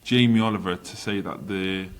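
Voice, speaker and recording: A man's voice: low-pitched, fairly even intonation, moderate pace. A man co-hosting a casual podcast, opinionated and slangy. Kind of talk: casual chat.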